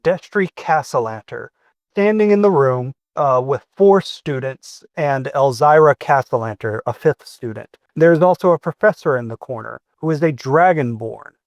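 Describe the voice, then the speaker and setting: A man's voice: medium pitch, lively intonation, moderate pace, dry recording. A man narrating a tabletop game as game master, setting scenes in descriptive detail.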